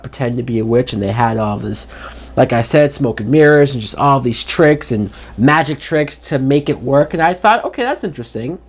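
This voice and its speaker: A man hosting his own channel, giving a casual, exasperated spoken movie review with emphatic jumps in pitch and chatty fillers. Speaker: film reviewer, channel host.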